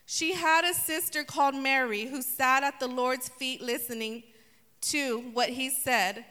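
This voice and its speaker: High bright-voiced woman preaching in a hall. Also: a little slow. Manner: animated, acts out voices of the story. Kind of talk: sermon with humor. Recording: long hall reverb.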